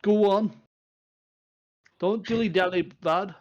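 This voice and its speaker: A man voicing a gruff, impatient male dwarf chief who swears and calls everyone lad. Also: high voice, slow, muffled recording, voice pushed up. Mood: irritated.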